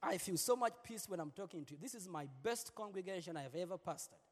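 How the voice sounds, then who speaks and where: A man's voice: sits high, animated, fast, slight background noise. A man preaching as a pastor, playful and joking with his congregation, repeating words as he preaches in a large church. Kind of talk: sermon. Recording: long hall reverb.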